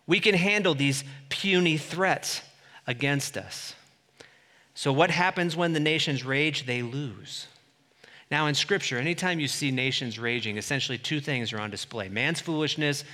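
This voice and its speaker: Preacher in a reverberant hall. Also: male voice, fairly high pitch, animated, unhurried. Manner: emphatic, swinging between loud declarations and quiet asides. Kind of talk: sermon.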